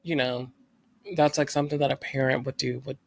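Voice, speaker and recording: Gravelly young man telling a personal story. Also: mid-range voice, level tone. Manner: rambling, emotional, fast bursts with many fillers. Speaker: vlogger.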